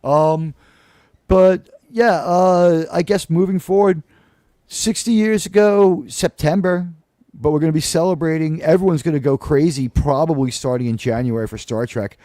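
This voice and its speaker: A man's voice: a little high, steady tone, moderate pace, warm tone, no echo, studio quality. Sarcastic rambling male podcast host. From United States. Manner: rambling, sarcastic, mocking asides. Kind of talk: casual sarcastic chat.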